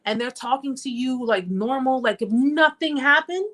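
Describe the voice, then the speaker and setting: A woman's voice: high-pitched, normal speed, few pauses, fairly bright tone. Emphatic woman hosting a live chat. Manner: emphatic, repeats phrases, talks straight to viewers; reads viewer comments aloud. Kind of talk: casual live-stream chat.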